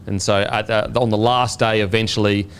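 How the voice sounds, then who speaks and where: An Australian man in his thirties hosting a podcast, telling a story in a casual, animated way and swearing freely. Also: fairly low pitch, moderate pace, a little hiss or hum. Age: 30s. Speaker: podcast host and former rugby league player.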